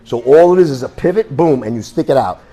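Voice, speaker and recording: Lively husky man teaching self-defense. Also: mid-range voice, fast. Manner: animated, blunt, joking. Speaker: martial arts instructor. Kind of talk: self-defense class talk.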